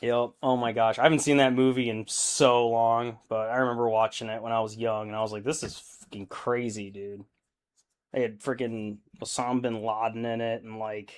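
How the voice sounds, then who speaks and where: On a live stream, a young adult man paints miniatures and chats casually in a medium-pitched voice. He rambles, thinks aloud, and laughs easily.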